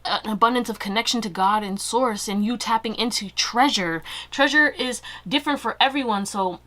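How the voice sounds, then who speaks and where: A woman's voice: fairly high pitch, normal speed, bright, forceful tone. Chatty woman giving a tarot reading. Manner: chatty, laughs often, slangy asides. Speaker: tarot reader. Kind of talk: casual pick-a-card tarot reading.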